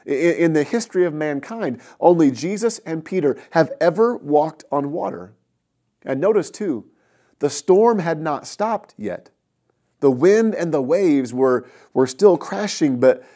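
A male pastor preaching a sermon in a conversational, earnest way, often swinging between loud emphasis and quiet, drawn-out phrases. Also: fairly high pitch.

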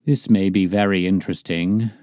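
A man's voice: deep voice, fairly even intonation, normal speed, a little mellow, no room sound, studio quality, natural voice. A man reading aloud, voicing a matter-of-fact male police inspector in a near-natural voice. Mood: defensive. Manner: plain, matter-of-fact reporting.

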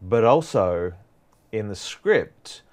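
A man's voice: on the low side, very animated, slow pace. A man giving a prerecorded university lecture, explaining in a loose, conversational way that wanders from point to point.

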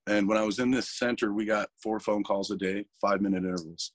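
Male interview guest, low voice, dry close sound, candid and emotional, swears a lot. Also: fairly even intonation, fast talker, no echo. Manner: emotional, swearing, restarts words. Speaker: interview guest, metal vocalist.

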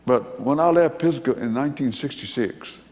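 A man's voice: mid-range voice, moderate pace, darkish tone, big-room sound. An older man telling a personal testimony to an audience in a folksy, rambling storytelling way. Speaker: speaker giving a testimony.

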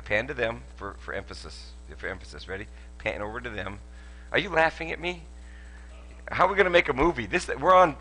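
The audio is low quality as a pastor with a mid-range, sharp-toned voice leads a lighthearted sermon in a church auditorium. A live demonstration is part of it, and he keeps joking, laughing, and restarting his lines.

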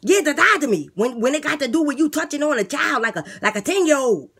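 Woman putting on a loud lisping boastful inmate. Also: high-pitched, sing-song, quick pace, pitched above the performer's own voice, heavily acted. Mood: indignant. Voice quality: lisp. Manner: loud, insistent, defensive. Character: delusional boastful male inmate blogger. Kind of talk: comedy skit character voice.

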